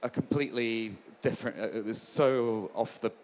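A man being interviewed about slow travel, recalling it loosely with frequent restarts. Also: mid-range voice, darkish tone. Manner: loose, restarting, self-deprecating. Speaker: traveller and author, interview guest. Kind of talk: casual storytelling interview.

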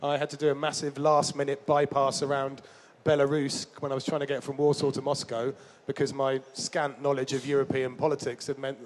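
With slight background noise behind him, a mid-range-voiced traveller and author appears as an interview guest. In casual storytelling about his overland travels, he rambles self-deprecatingly, using plenty of fillers and restarts.

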